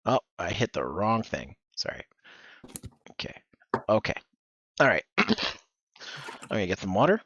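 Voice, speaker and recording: A man hosts a voice acting workshop, encouraging and directing with quick demo readings. His voice comes through a gaming headset, sounding muffled and dry with no room behind it. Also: lowish voice, big pitch swings, a bit bright, husky, dry recording. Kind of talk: instructive streaming chat. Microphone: gaming headset mic. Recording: dull, dry headset audio.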